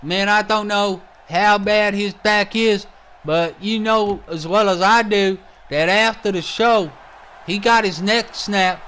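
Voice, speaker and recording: Male wrestling commentator, high-pitched, brash, profane play-by-play. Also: steady tone, slow pace, bright, forceful tone, clear, resonant tone. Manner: brash, trash-talking, swears a lot.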